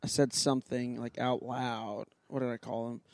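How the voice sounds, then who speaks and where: An upbeat man with a mid-pitched voice talks about music on a church podcast. He is scattered and jumps from topic to topic, recorded close and dry in a booth. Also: level tone, moderate pace, creaky, a little mellow, dry recording. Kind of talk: casual chat. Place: sound booth inside a church sanctuary.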